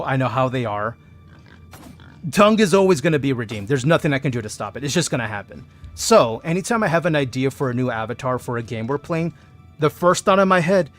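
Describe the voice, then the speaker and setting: A man streaming a game, joking around playfully and reading out viewer messages. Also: mid-range voice. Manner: playful, jokey, reads chat aloud. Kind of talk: casual gaming stream chat.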